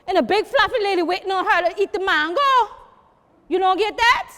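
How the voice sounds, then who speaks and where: A woman's voice: very high voice, normal speed, long reverb tail. A woman, telling stories live and teasing the listeners as she talks to them. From South Carolina. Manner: lively, teasing, talks straight to the crowd. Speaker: storyteller. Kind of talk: live storytelling to an audience. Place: museum program room.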